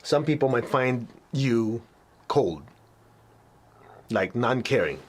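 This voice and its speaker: Man teaching meditation, chatty and animated. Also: slow pace, a little hiss or hum. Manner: conversational, checks in with listeners often; acts out quoted reactions with sudden high yelps. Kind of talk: spiritual teaching talk to a class.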